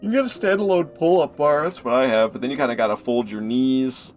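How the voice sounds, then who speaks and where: A man's voice: medium pitch, fast talker, soft background music. A man chatting casually with his viewers while he streams a video game from home, joking and laughing often. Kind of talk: casual live-stream commentary.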